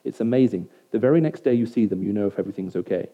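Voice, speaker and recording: Male preacher, very dark mellow tone, chatty sermon delivery, dull lo-fi sound. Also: lowish voice, racing. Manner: conversational, keeps checking in with the audience. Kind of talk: sermon to a live audience. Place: hall with an audience of about a hundred. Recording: dull lo-fi recording.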